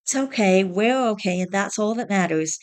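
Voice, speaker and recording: A woman reading aloud and voicing a gentle young wife who speaks softly and sounds hurt. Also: a little high, expressive, moderate pace, pitched above the performer's own voice, natural voice. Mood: tender. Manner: soft, hurt, pleading.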